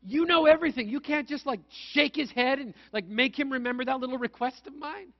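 A frustrated man complains to God in a whiny, indignant tone, as a preacher acts him out. His voice is high and keeps arguing his case. The recording sounds dull and lo-fi. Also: a little fast.

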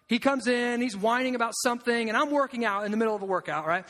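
A pastor giving an animated, emphatic sermon, acting out quotes in different voices. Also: male voice, very high-pitched, fairly quick, long reverb tail.

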